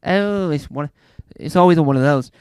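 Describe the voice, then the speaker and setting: A man telling a rambling, animated comedy story as a stand-up comedian. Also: fairly high pitch, normal speed, smooth, dry recording. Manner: animated, rambling, acts out bits.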